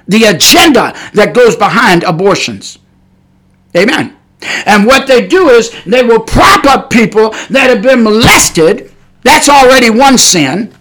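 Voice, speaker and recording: Fiery high-voiced preacher man. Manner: fiery, preaching with shouted emphasis and repetition. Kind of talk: podcast sermon.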